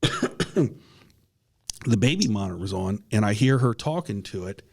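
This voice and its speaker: Man, low voice, casual storytelling, earnest, halting, podcast co-host. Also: sing-song, vocal fry, a little mellow. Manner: earnest, halting, many restarts and fillers; coughs now and then.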